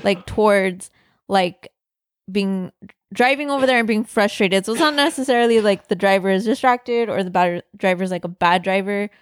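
A woman, co-hosting a casual podcast chat in a relaxed, easygoing way with lots of fillers. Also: medium pitch, normal speed, clean tone, no room sound. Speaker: podcast co-host.

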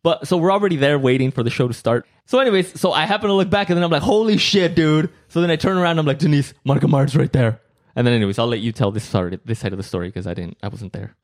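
A man's voice: mid-range voice, expressive, rapid-fire, few pauses. A man telling a story in a casual chat with his wife, full of fillers and swearing. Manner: swears a lot, many fillers.

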